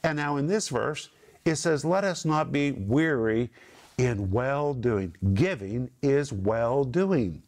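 A man's voice: medium pitch, lively intonation, darkish tone. Emphatic man teaching scripture. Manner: emphatic, repeats phrases with slowed stress. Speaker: Bible teacher. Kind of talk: teaching on a Christian talk program.

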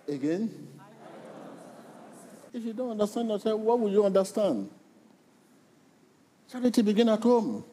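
A middle-aged male pastor preaching a sermon in a slow, deliberate way, repeating phrases rhythmically and calling on the congregation to respond. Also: fairly high pitch, big pitch swings, mellow.

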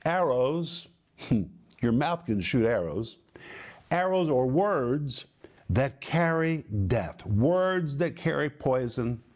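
A man's voice: fairly high pitch, darkish tone. A middle-aged man preaching an emphatic sermon, explaining word meanings with big rises and falls in his voice.

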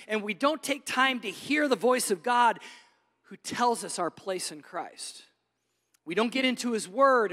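A man preaching a sermon as a pastor, swinging between loud, emphatic lines and hushed, soft ones, recorded in a church sanctuary. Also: sits high, big-room sound.

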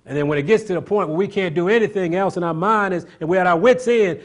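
A man's voice: high-pitched, quick pace, hardly any pauses. A man preaching a sermon, pushing each point up into emphatic, rising climaxes and drawing call-and-response from the congregation. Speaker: pastor.

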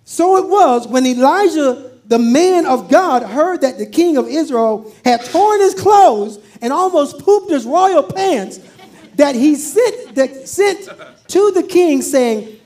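A woman's voice: high voice, animated, takes it slowly, warm tone. A woman pastor preaching a sermon, playfully acting out scripture with humor.

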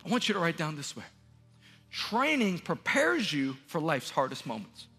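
A male pastor preaching a sermon in a large church, emphatic and repetitive, building up to shouts. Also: a little high, very animated, moderate pace, husky, big-room sound, soft background music.

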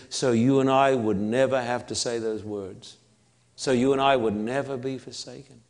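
A man with an Australian accent preaching a sermon, emphatic and repetitive, with long pauses between phrases. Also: mid-range voice.

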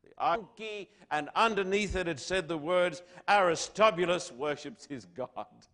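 A man preaching a sermon to his congregation, asking rhetorical questions and swinging between loud declarations and hushed lines. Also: on the high side, unhurried. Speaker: pastor.

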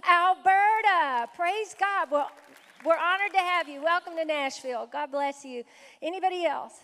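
Woman pastor, high voice, effusive greeter, reverberant sanctuary with a faint crowd. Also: a bit bright. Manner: exuberant, punctuated with praise exclamations. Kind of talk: welcoming visitors from the pulpit. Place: church sanctuary. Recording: reverberant hall with a faint congregation.

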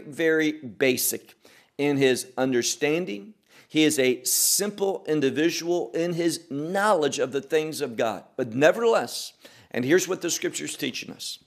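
A man preaching an expository sermon, teaching verse by verse in a slow, emphatic delivery that rises and falls. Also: on the high side. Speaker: pastor.

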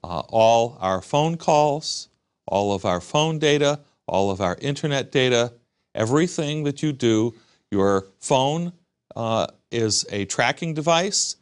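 A man's voice: mid-range voice, animated, slow pace, clear, resonant tone. Emphatic American male guest. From United States. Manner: emphatic, repeats words in lists. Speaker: guest commentator. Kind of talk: interview answers.

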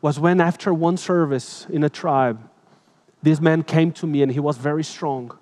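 High-voiced male preacher telling stories. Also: normal speed. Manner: animated, dramatic shifts between loud and hushed; slightly broken English phrasing. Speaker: pastor. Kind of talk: emotional sermon storytelling.

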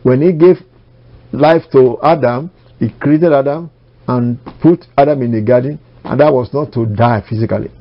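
Emphatic male preacher, lo-fi recording. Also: medium pitch. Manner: emphatic, rising to stressed phrases, quoting scripture slowly. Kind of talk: sermon. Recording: dull lo-fi recording.

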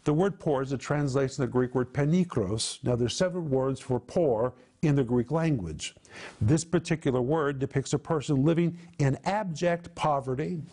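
A man's voice: mid-range voice, warm tone. A man presenting a televised Bible teaching, explaining word meanings with emphatic repetition.

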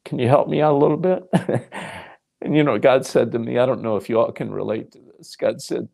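A middle-aged male pastor preaches, recounting his own story and voicing both himself and God. His voice has a gravelly edge at a mid pitch. He talks straight to his listeners as folks. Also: steady tone, a little fast, mellow. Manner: storytelling, acting out dialogue with God. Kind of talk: sermon.

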